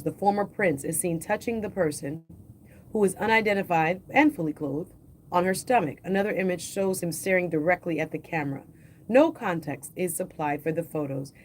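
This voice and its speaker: A woman hosting a livestream, reading news articles aloud in a slow, deliberate way and adding casual asides of her own. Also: lowish voice, slight background noise. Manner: reads quotes slowly and deliberately, adds casual asides. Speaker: livestream host.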